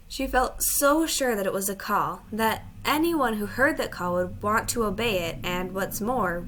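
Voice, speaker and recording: A woman narrating a children's novel aloud in an even, clear storytelling read. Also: medium pitch. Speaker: audiobook narrator. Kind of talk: scripted narration.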